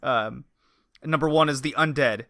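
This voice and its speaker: Man, podcast co-host, casual chat, bright tone, dry sound. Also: medium pitch, normal speed, dry recording. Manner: animated, laughing, acts out quotes.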